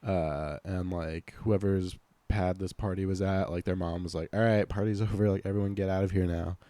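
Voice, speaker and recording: A young man telling a long rambling story in casual chat, full of fillers, lively when quoting others. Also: low-pitched, moderate pace, no room sound. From Los Angeles. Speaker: podcast guest.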